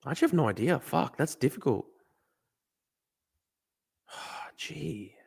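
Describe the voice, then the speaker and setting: A young Australian man streaming live, thinking out loud as he plays a guessing game, swearing often and talking to his chat. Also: on the high side, lively intonation, measured pace, gravelly, husky. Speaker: livestreamer. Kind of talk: casual live-stream commentary.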